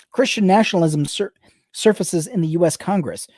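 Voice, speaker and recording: Sarcastic woman reading aloud fast. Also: fairly low pitch, dark tone, no room sound, studio quality. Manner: rapid-fire reading with sarcastic asides. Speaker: book reader on a livestream. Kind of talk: reading aloud with live commentary.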